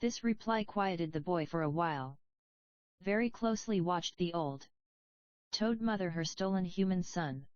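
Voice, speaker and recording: A woman narrating a children's legend in a calm, measured storybook reading, recorded with a dull lo-fi sound. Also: lowish voice, no echo. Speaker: audiobook narrator.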